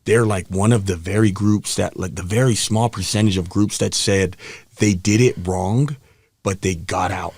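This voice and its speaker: A man speaking with a lowish voice recounts his past openly as a podcast guest. His talk is frank and meandering, full of restarts. The sound is close and dry, with no room around it. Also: moderate pace, darkish tone, husky, dry recording. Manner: frank, rambling, with frequent restarts. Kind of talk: candid personal storytelling.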